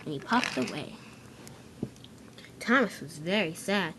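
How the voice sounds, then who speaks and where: A woman's voice: fairly low pitch, lively intonation, measured pace, long pauses, a bit bright. Lady telling a toy train story off the cuff, tripping on words, voice bouncing around, faint hiss behind. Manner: improvised, stumbling restarts.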